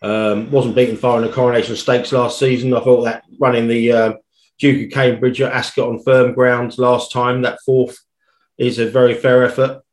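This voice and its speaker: A man giving horse racing tips on a podcast in a measured, hesitant way with fillers. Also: mid-range voice, little pitch movement, reverberant. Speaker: racing pundit. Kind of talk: casual podcast chat.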